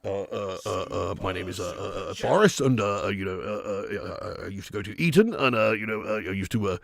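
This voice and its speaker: A man's voice: on the low side, animated, fairly quick, creaky, no echo, voice pushed down. A man voicing a bumbling posh male politician who stammers "uh" between almost every word. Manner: endlessly stammering "uh" between words.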